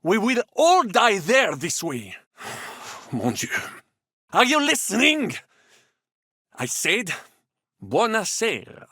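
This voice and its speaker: An actor playing a vain, witty French knight in a game, with a French accent and a theatrical, haughty manner. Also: male voice, high-pitched, huge pitch swings, slow, pauses often, bright, forceful tone, slightly rough, no room sound, studio quality, heavily acted. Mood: exasperated. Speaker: game character. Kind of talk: game voice acting.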